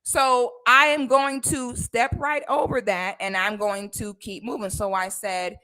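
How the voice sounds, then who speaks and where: Bright-voiced woman telling a slangy story. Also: on the high side, unhurried. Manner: animated, slangy, dramatic storytelling. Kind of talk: casual storytime on a livestream.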